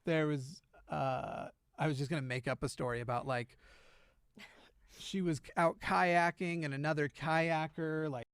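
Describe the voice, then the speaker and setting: Guy rambling on a stream, lots of uhs and likes, slightly high voice, dry sound. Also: fairly even intonation, unhurried, fairly bright tone, smooth, dry recording. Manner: hesitant, many "uh" and "like" fillers and restarts. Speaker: livestreamer in a played clip. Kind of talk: casual livestream chat.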